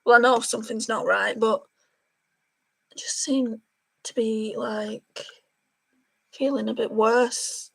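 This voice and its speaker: A woman, her voice sitting a little high. She chats casually and warmly to her viewers by name while applying eyeshadow on a live stream. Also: fairly even intonation, slow, creaky, pauses often, breathy edge. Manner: chatty, talks to viewers by name. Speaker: beauty livestream host. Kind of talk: casual makeup livestream chat.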